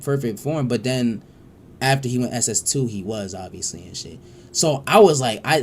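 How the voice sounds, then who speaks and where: A man giving casual reaction commentary as a streamer, excitable, profane and rambling with frequent restarts. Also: mid-range voice, slight background noise.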